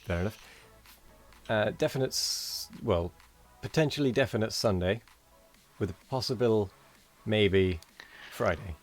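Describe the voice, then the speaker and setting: A man speaking in a fairly low voice, chatting loosely on a late-night game stream. He sounds tired and wanders from thought to thought while thanking viewers. Faint music plays under his voice. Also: unhurried. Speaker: streamer host. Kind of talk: casual live-stream chat.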